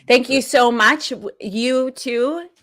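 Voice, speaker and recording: Woman host, bright higher voice, effusive, laughing praise, upbeat livestream patter, video call audio. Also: slow pace. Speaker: event host.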